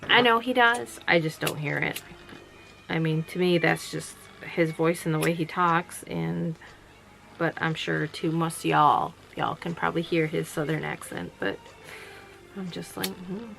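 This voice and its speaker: A woman's voice: sits low, measured pace, vocal fry, a bit bright, faint music behind, low-quality recording. A tired woman chatting casually and rambling at home late at night, with lots of fillers and restarts. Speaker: vlogger running a small sewing business. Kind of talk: casual chat. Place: home workroom.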